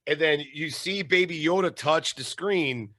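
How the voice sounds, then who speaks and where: Animated male podcast host. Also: on the high side, measured pace, no echo, clean studio sound. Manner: animated, laughing fan talk. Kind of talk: casual interview chat.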